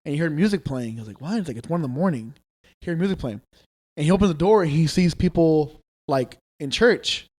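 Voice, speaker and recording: A man's voice: on the high side, expressive, a little fast, darkish tone. A man co-hosting a podcast, telling ghost stories in casual chat, loose and swearing, acting out the people he quotes. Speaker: podcast co-host.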